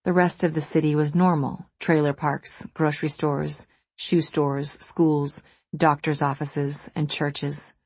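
A woman reading a novel aloud in measured, steady scripted narration. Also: deep voice, breathy edge, dry recording. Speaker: audiobook narrator.

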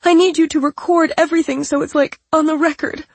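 A woman's voice: extremely high pitch, expressive, moderate pace, no room sound, voice pushed up. A woman voicing a scheming young woman who fakes terror on a phone call, speaking in a shaky, quavering, pleading voice. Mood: fake panic. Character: scheming young woman faking terrified sobs.

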